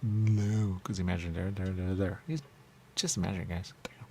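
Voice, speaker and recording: A man's voice: low voice, steady tone, a little fast, noisy background. A man hosting a radio talk show, bantering in a rambling, playful way full of repeated wordplay. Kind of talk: loose comedic studio banter. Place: radio studio.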